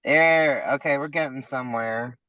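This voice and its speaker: A man's voice: medium pitch, normal speed, pushed and bright, no room sound. Man on a muffled call from his car. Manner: casual, joking, blunt. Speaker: student. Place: car, stopped at a red light. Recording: dull, distant call audio.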